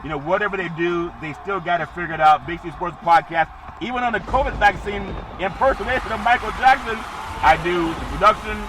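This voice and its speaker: A man's voice: high-pitched, fairly quick, background noise. A man hosting a solo sports podcast, rambling and jokey with sing-song asides.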